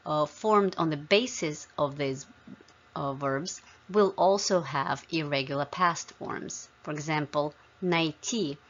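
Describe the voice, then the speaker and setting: A woman teaching a language lesson, explaining grammar in a clear, measured way and spelling out word forms one by one. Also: low voice, highs cut off. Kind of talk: slow, careful language lesson.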